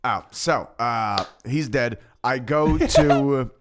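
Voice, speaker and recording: A man, a comedian co-hosting a podcast, telling dark stories in casual, profane, deadpan chat. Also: medium pitch, very slow, background noise.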